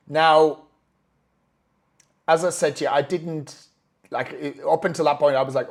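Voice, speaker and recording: A man's voice: on the high side, steady tone, measured pace, long pauses. A man telling a personal story in a candid, profane and emotional way, acting out his own thoughts as he goes.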